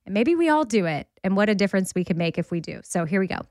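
Laughing often, a Southern US woman co-hosts a relaxed podcast conversation held over a video call. Her mid-range voice swings widely in pitch and moves quickly, with a slightly mellow tone and clean studio sound free of any room echo.

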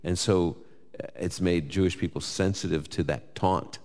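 Deep-voiced New York man in a hall. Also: moderate pace. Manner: conversational, lively, quotes scripture, jokes. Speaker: Bible teacher answering audience questions. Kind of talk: live Q&A before an audience. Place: large hall with live audience.

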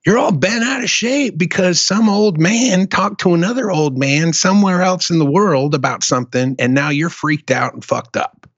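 A man hosting a casual talk show, telling a profane, animated story in a rant. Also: high-pitched, normal speed, hardly any pauses, no room sound, dull audio. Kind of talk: casual chat.

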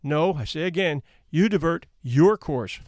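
A man voicing a calm, plain-spoken lighthouse keeper answering a ship by radio. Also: a little high, a little slow, no room sound.

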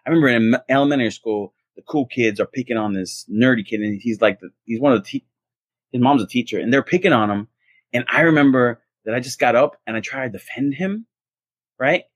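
A man tells stories on a podcast in a casual, animated way, slipping into the voices of the people he quotes. His voice sits in an ordinary middle pitch, and the sound is dry and close to the mic. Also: no echo. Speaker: podcast co-host. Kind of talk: casual storytelling chat.

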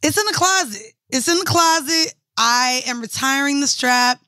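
Brash woman podcast co-host, high bright voice, dry close sound. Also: lively intonation, moderate pace, no room sound. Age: 40s. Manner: brash, playful, profane. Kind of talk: casual chat.

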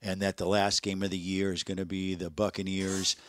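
A man co-hosting a casual sports podcast, relaxed and joking, quick to laugh. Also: deep voice, dry recording. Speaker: podcast co-host.

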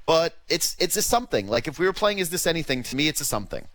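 A man with a Canadian accent co-hosting a sports radio show, talking animatedly in quick bursts and acting out imagined quotes. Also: a little high, sing-song, fairly bright tone. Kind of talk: casual sports talk.

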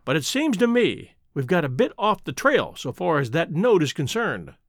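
A man's voice: fairly high pitch, big pitch swings, moderate pace, dry recording. A man voicing a blunt, plainspoken young baronet who exclaims freely, in a dry close recording.

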